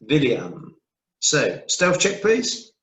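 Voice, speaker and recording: A man narrating as game master, relaxed and playful, asking players for checks. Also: medium pitch, a little slow, roomy sound, rough recording.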